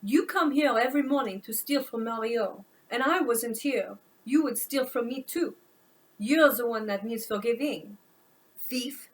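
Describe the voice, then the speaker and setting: A woman putting on a raspy, scornful French woman. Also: fairly high pitch, a little slow, natural voice, rough recording. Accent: put-on French. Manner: loud, taunting, scornful. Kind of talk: audiobook narration.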